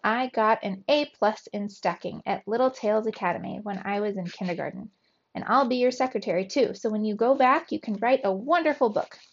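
A woman's voice: medium pitch, brisk, dull audio, natural voice. Benjamin, a woman doing an eager little boy mouse. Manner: eager, chattering. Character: small cheerful young boy mouse nephew.

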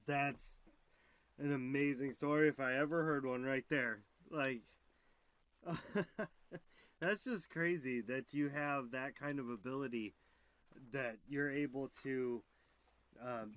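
A man's voice: medium pitch, fairly bright tone, clear, resonant tone, dry recording. A man hosting a podcast interview, asking questions and reacting with amazement. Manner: slow, easily impressed reactions. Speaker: podcast host. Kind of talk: casual interview.

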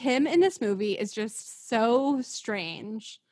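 Husky young woman, sarcastic movie chat. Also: a little high, lively intonation, slow pace, a little mellow. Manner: laughing often, filler-heavy, sarcastic. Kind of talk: casual movie review chat.

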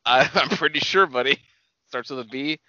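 A man's voice: mid-range voice, normal speed, bright, forceful tone, dry recording, muffled recording. A man co-hosting a casual podcast, laid-back and profane, reading out episode titles and stumbling over the pronunciation. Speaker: podcast co-host.

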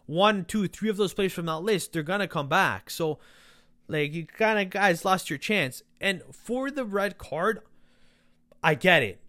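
A man's voice: high voice, sharp tone, dry recording. Ranting man with a raised voice, dry close sound. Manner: ranting, sarcastic, swears, talks to the players directly. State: voice worn from yelling. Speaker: podcast host. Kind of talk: casual football rant.

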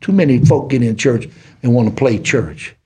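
Older male podcast guest, Southern city accent, husky and dark, lively preacher-style testimony. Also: medium pitch, normal speed. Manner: preacherly, animated storytelling with folksy talk. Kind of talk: storytelling testimony.

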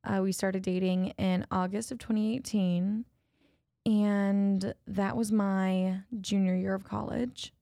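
A woman's voice: mid-range voice, level tone, slow pace, creaky, mellow, dry recording, studio quality. A young woman co-hosting a casual podcast, playful and laughing often as she talks. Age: young adult. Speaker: podcast co-host. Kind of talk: casual chat.

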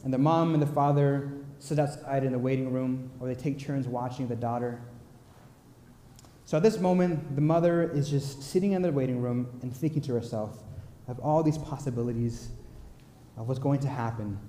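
Mellow-voiced male pastor in an echoey hall. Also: mid-range voice, normal speed, slight background noise. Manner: conversational, with frequent fillers. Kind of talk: sermon storytelling. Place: church sanctuary.

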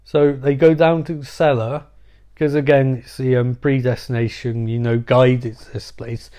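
A man giving an excitable, profane, rambling comedic recap of a film. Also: mid-range voice, normal speed. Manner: excitable, sweary, rambling asides. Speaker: movie recap commentator.

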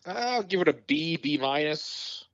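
A man co-hosting a podcast from home, talking in a halting, hesitant way in casual chat. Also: on the high side, animated, a bit bright, no echo, muffled recording. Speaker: podcast co-host. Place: home, remote call.

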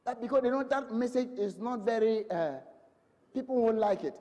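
A man preaching a sermon with passion, swinging between loud proclamations and hushed lines. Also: very high-pitched, moderate pace. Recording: long hall reverb.

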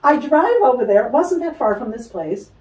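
A woman's voice: fairly high pitch, normal speed. Woman telling a wild story, voice swinging up and down, acts out the other people, sounds kinda far off in an echoey room. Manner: animated storyteller, acts out quoted voices, laughs often. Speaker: guest, spiritual healer. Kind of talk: storytelling in a casual interview.

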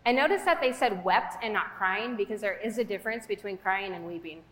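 A woman's voice: medium pitch, fairly quick, fairly bright tone. A young woman giving a casual, conversational sermon, chatty and full of fillers, in a church hall. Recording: echoey hall with long reverb.

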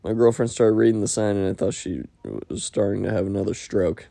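With a lowish, warm, creaky voice, a man talks briskly and in a steady tone on his casual solo podcast. He rambles, swears a lot, and mocks himself, and the recording has no room sound.

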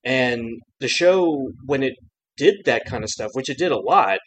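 A man's voice: mid-range voice, lively intonation, measured pace, fairly bright tone, highs cut off. Chatty rambling man, laughing often. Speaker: podcast co-host. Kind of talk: casual chat about a cartoon episode.

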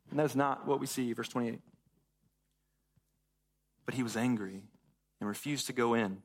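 A man's voice: medium pitch, moderate pace, long pauses. A young man preaching a sermon as pastor, retelling a Bible story in casual slang and acting out the characters' lines. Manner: animated storytelling with acted-out voices and casual slang.

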